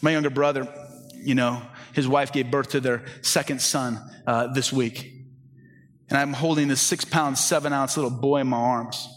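A middle-aged man preaching a sermon as pastor, earnest, swinging from urgent, raised delivery to hushed, quiet appeals. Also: medium pitch, fairly even intonation, moderate pace.

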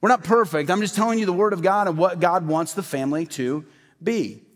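High-voiced pastor preaching in a hall. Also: male voice, brisk. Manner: conversational, animated preaching with asides. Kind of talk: sermon. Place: church sanctuary. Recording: hall reverb.

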